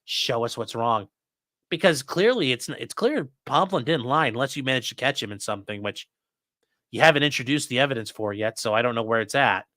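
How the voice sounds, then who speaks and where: A man's voice: mid-range voice, animated, brisk, bright, forceful tone, no echo, studio quality. A man hosting a live stream, giving blunt, profane, mocking commentary to his chat. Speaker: streaming host.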